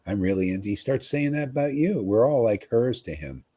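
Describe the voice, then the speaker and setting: A man giving an informal, rambling devotional talk to followers, often pausing to ask "see?" and repeating himself. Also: mid-range voice, very animated, dark tone, breathy edge. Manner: conversational, rambling, repeats words and asks "see?". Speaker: spiritual teacher.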